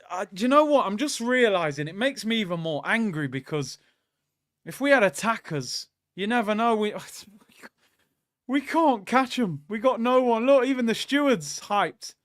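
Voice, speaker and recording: A man hosting a live football watchalong, chatting to viewers with excitable reactions and bursts of shouting. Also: extremely high pitch, no room sound, studio quality. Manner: chatty, addresses viewers as "people".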